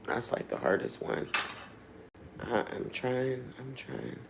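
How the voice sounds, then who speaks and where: A woman's voice: very deep voice, very animated, takes it slowly, creaky, noisy background. A woman hosting a livestream, telling stories in a candid, earthy way with frequent swearing and trailing asides. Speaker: livestream host. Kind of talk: casual storytelling chat.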